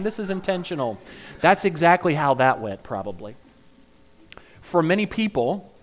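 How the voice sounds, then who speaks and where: A man giving a comedic monologue, full of playful joking asides. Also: fairly high pitch. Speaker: comedic speaker.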